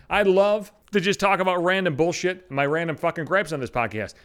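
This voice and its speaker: A man's voice: sits high, a little fast, hardly any pauses, a bit bright, clean tone. A man hosting a solo comedy podcast, ranting in a profane, exasperated and self-mocking way. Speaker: podcast host.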